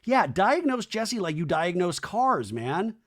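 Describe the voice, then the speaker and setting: A man's voice: high voice, sing-song, takes it slowly. A young man hosting a podcast, recapping a reality TV episode in a campy, gossipy way and acting out the cast's lines in silly voices. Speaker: podcast host.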